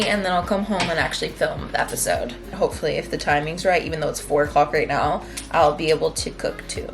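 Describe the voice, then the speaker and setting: A young woman vlogging casually at home about her day, chatty and emotional, saying "like" a lot. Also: medium pitch. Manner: chatty and emotional, heavy use of "like". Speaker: vlogger and podcaster. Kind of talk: casual day-in-my-life vlog talk.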